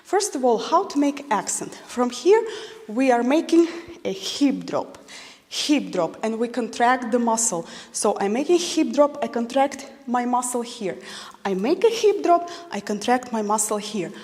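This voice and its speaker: A woman's voice: on the high side, lively intonation, darkish tone. A woman teaching a belly dance technique, a non-native English speaker counting beats and calling moves. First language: not English. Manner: counts beats aloud, slow deliberate cueing. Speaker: dance instructor. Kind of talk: instructional dance class. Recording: long reverb in a large room.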